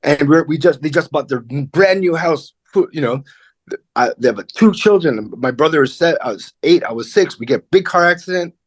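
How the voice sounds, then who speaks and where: A middle-aged man, a comedian guest, telling a personal story in a candid, animated way and acting out the voices of the people in it. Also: fairly high pitch, normal speed, dry recording. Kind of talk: casual interview storytelling.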